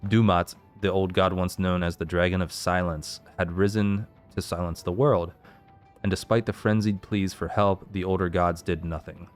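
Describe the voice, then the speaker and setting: A man's voice: sits low, steady tone, normal speed, soft background music. A man hosting a let's play, reading game lore entries aloud and stopping now and then to puzzle over how to say a name.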